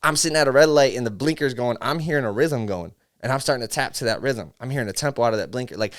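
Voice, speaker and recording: A fast-talking man with a mid-range voice is a guest in a casual podcast chat. The music engineer, from Syracuse in upstate New York, acts out studio dialogue as he tells animated stories, using "bro" a lot.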